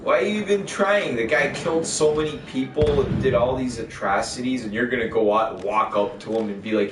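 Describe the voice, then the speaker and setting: A man talks through a gaming livestream, rambling and cursing as he airs strong opinions. His voice sits at a middling pitch and sounds set back from the mic, with a roomy echo and steady noise underneath. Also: brisk, hardly any pauses, far from the mic. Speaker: game streamer. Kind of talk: casual gaming livestream chat.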